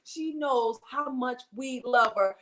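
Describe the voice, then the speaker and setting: A woman's voice: high-pitched, takes it slowly, fairly bright tone. A woman hosting an online show, introducing guests with enthusiasm and cheers. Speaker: host.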